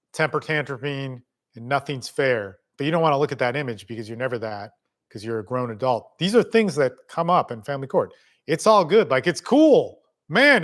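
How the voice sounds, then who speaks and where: A middle-aged man coaching people on family court in a blunt, casual spoken lesson, swearing freely and talking straight to the listener. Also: medium pitch.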